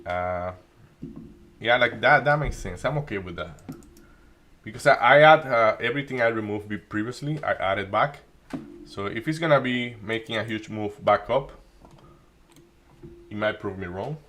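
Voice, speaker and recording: A man doing live trading commentary, thinking aloud with many restarts and halting phrases. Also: lowish voice, sharp tone, slight background noise. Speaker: day trading streamer.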